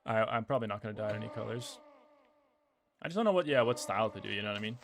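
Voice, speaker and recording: Young aussie guy streaming a game, gravelly voice, rambles and swears, noisy mic. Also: lowish voice, lively intonation, rapid-fire. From Australia. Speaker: gaming streamer. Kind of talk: casual gameplay chat.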